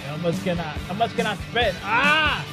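High-voiced, excitable male game commentator. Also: normal speed, over loud music. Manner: animated, jokey, shouts and laughs at big moves. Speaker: live stream host and wrestling game commentator.

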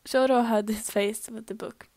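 A woman's voice: fairly high pitch, steady tone, moderate pace, a little mellow. A young woman reading a fanfic aloud in a casual, amateur way, stumbling and restarting, sometimes slipping into a whisper. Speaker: fanfic reader.

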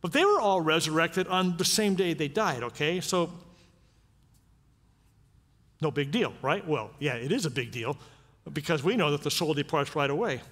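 A male pastor preaching in a conversational, animated style, his fairly high voice swinging widely in pitch. He keeps checking in with rhetorical questions. The sound carries a long reverb from a church hall. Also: a little fast. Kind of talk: sermon.

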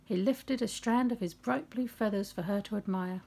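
A woman's voice: mid-range voice, normal speed, vocal fry, a little mellow, breathy edge. A middle-aged woman reading aloud a story she wrote and breaking off for chatty asides, recorded in her home office.

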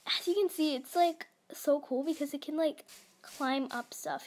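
A woman's voice: high voice, moderate pace, dark tone, slight background noise. A young woman giving casual, giggly gameplay commentary, gushing and stumbling over words. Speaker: gaming vlogger.

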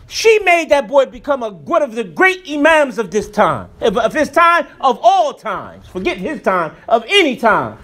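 A man's voice: very high voice, big pitch swings, unhurried, sharp tone. A man teaching a religious class in an emphatic, colloquial preaching manner. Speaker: Islamic teacher. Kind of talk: religious lesson.

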